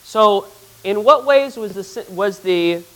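A man, a pastor, giving an interactive Bible teaching in a conversational way, asking the congregation questions and reading Scripture aloud slowly. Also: high-pitched, expressive, a bit bright, low-quality recording.

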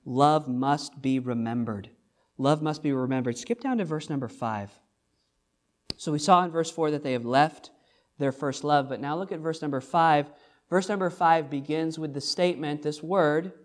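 A man's voice: on the high side, moderate pace. A pastor preaching to his congregation in a church. His delivery is earnest and emphatic, full of rhetorical questions and phrases repeated for weight. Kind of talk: sermon.

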